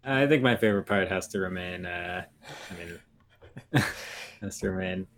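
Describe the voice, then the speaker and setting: A man's voice: low voice, normal speed. A man co-hosting a podcast in casual chat, playful and joking, laughing often. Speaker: podcast co-host.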